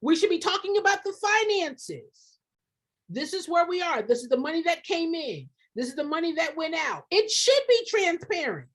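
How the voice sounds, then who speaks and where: A woman coaching nonprofit leaders in a passionate live talk, preachy and often breaking into shouting, hammering points home by repeating phrases. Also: very high voice, sing-song, moderate pace.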